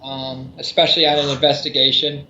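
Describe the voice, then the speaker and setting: A man's voice: mid-range voice, little pitch movement, fairly quick, pushed and bright, slight background noise. A man co-hosting a podcast, explaining at length in a rambling way with many restarts. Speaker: podcast co-host. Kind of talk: casual explanatory podcast talk. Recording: echoey, dull lo-fi remote audio.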